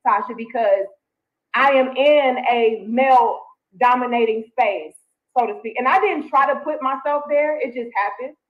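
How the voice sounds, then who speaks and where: Earnest woman guest on dull audio. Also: fairly high pitch. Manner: earnest, explanatory, with frequent fillers. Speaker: interview guest. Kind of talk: conversational interview. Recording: dull lo-fi audio from a played clip.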